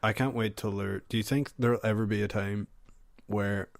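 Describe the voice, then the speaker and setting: Low-ish young male podcast co-host, teasing, blunt, swears. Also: steady tone, normal speed, gravelly. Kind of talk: casual podcast chat.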